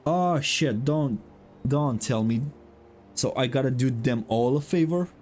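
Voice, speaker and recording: A man's voice: medium pitch, unhurried, darkish tone, slight background noise. A young man casually commenting on a game as the channel's host, thinking aloud and swearing freely.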